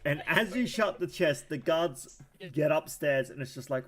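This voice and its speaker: A man's voice: fairly high pitch, moderate pace. A man narrating a tabletop game as game master, voicing guards in between. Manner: lively narration with in-character asides. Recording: faint background noise.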